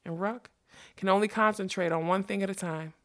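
A woman's voice: mid-range voice, fairly even intonation, fairly quick, natural voice. A woman voicing a weary, self-doubting male magician who speaks in a rueful, heavy-hearted way. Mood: gentle.

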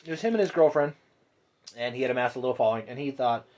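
A man co-hosting a casual podcast, telling stories in a lively, profane way. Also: mid-range voice, very fast. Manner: animated, profane storytelling. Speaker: podcast co-host.

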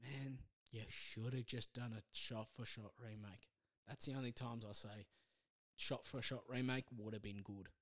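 A man hosting his own podcast, rambling casually through a movie review with self-deprecating asides and halting restarts. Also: medium pitch, steady tone, a bit bright. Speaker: podcast host.

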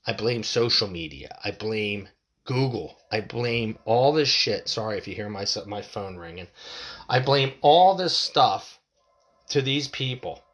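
A middle-aged man rants alone on his podcast, swearing freely and restarting his thoughts as he goes. His voice is bright and forward, with pitch that swings up and down constantly. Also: animated, measured pace. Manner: blunt, profane, rambling with restarts. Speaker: podcast host. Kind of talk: casual solo podcast rant.

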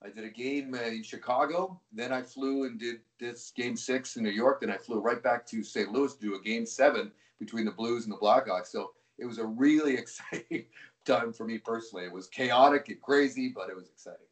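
A man's voice: mid-range voice, brisk, echoey room. A man who calls hockey games on air, telling a long story in an interview with many restarts. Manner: relaxed, rambling with frequent restarts. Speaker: hockey play-by-play broadcaster, guest.

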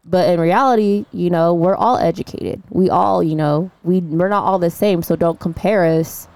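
A woman's voice: on the low side, normal speed, a little mellow, no room sound. A woman co-hosting a podcast in casual chat, earnest and rambling as she searches for words. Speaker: podcast co-host.

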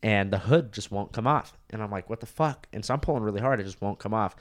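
A man's voice: lowish voice, quick pace. A young man, a comedian guest, telling a crude story in a rambling, casual way that is full of "like".

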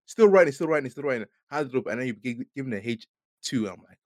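A man's voice: mid-range voice, expressive, fast, no echo, clean studio sound. A young man in a casual chat, eager to cut in and sounding exasperated. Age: young adult.

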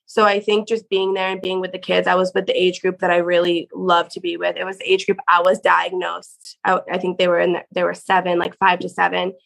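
Chatty woman with a gravelly edge. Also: on the low side, completely flat delivery, fairly quick, few pauses, fairly bright tone, low-quality recording. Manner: chatty, peppered with "like". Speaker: podcast guest. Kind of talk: casual conversational storytelling.

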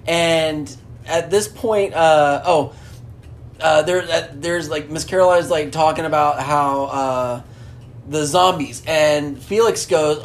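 A woman with a lowish voice talks loosely on a podcast, piling up fillers as she recounts movie scenes. Faint noise sits underneath her. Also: takes it slowly. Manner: rambling, filler-heavy, laughs often. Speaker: podcast co-host. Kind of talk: casual chat recapping a movie.

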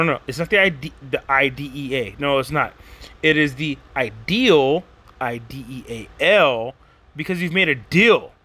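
A man talking in a rambling, casual monologue as a podcast host. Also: a little high. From Texas. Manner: rambling, animated, conversational with slang.

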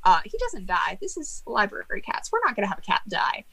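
A woman narrating a tabletop game as game master, animated and quick to laugh, with some casual swearing. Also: medium pitch, creaky, slightly rough, rough recording.

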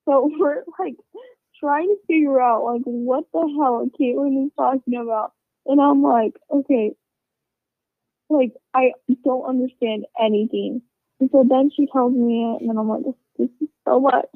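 A woman's voice: high voice, fairly even intonation, unhurried, no room sound. A woman telling a rambling, casual story, swearing a lot and filling it with "like" and "you know.". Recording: tinny phone-like sound, dry.

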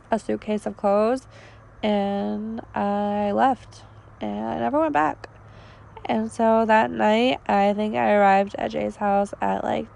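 Raspy woman telling a story. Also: medium pitch, a little mellow. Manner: rambling, filler-heavy storytelling. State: losing her voice. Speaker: podcast co-host. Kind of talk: casual storytelling chat.

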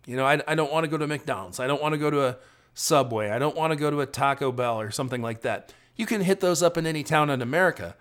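A man's voice: on the high side, fast talker, a bit bright. A tired man chatting and rambling casually into his phone while driving his car at night. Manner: chatty, rambling, self-deprecating. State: tired, drowsy. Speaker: travel vlogger.

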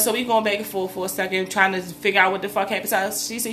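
A middle-aged woman holding forth in a casual podcast chat, all swearing and bluster, jumping into the voices of the people in her story. Her tone is bright and forceful, and there is a faint room hum behind her. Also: medium pitch, fast. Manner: animated, profane, acts out quotes loudly. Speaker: podcast co-host.

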